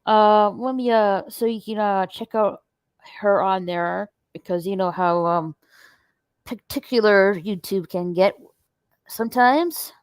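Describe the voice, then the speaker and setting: A woman's voice: mid-range voice, takes it slowly, smooth, no room sound. A woman on a live stream pointing viewers to a link, hesitant with lots of fillers. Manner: hesitant, many fillers, greets chat. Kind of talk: casual live-stream chat.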